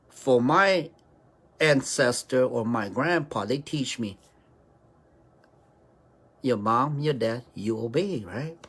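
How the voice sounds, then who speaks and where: Woman commentator, unhurried, animated intonation, preachy and questioning. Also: very deep voice, slightly rough. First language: Hmong. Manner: rhetorical, keeps asking "right?". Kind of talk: preachy opinion monologue.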